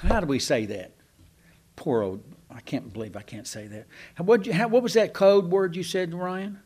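A man's voice: high-pitched, expressive, moderate pace, a little mellow, slightly rough. A man teaching a Bible class in a folksy, rambling way, with asides to his listeners.

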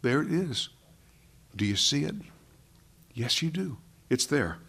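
Male preacher, mid-range voice, earnest, conversational sermon style, soft moments then emphatic ones. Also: medium pitch, very animated, slow pace, gravelly, husky. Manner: conversational, asks the congregation questions.

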